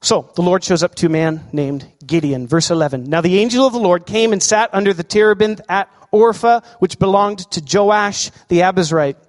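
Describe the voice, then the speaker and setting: High-voiced man preaching in a hall. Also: normal speed, few pauses. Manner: animated preaching, asks the crowd questions. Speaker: pastor. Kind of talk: sermon.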